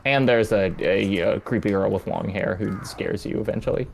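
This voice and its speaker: A man's voice: fairly low pitch, moderate pace, gravelly, slight background noise. A man casually chatting about video games as a guest, thinking aloud with many restarts. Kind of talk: casual gameplay commentary.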